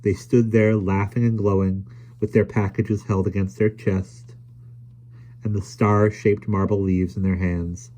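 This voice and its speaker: A man reading a children's book aloud in an expressive storytelling manner. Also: low voice, measured pace, slight background noise. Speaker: audiobook reader.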